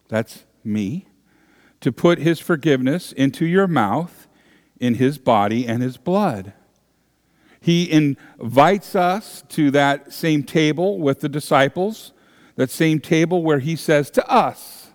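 A man preaching a sermon at a slow, deliberate pace. His voice rings out with a long church reverb around it. He speaks earnestly and lifts into animated emphasis. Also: on the high side. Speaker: pastor. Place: large church sanctuary.

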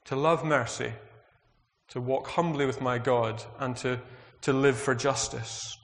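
A man's voice: medium pitch, fairly even intonation, measured pace. A man preaching a sermon, earnest and reflective, asking the congregation questions. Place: church. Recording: long hall reverb.

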